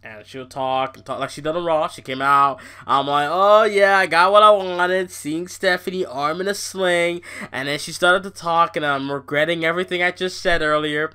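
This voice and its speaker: Bright, animated young man ranting. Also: a little high, moderate pace, few pauses, clear, resonant tone. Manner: animated, exasperated ranting with swearing. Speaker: podcast host. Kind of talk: casual wrestling podcast rant.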